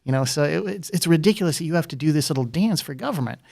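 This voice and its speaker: A man's voice: a little high, expressive, racing, gravelly, darkish tone, no echo, studio quality. A man talking politics as a guest in casual chat, rambling with many fillers and asides. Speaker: guest, former political candidate.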